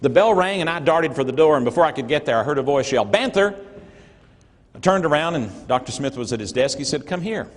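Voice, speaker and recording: A man's voice: mid-range voice, quick pace, few pauses, in a large hall. A middle-aged man from North Georgia, an earnest, folksy motivational speaker telling a story to a live audience. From North Georgia, USA. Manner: earnest, folksy storyteller with emphatic swings in loudness.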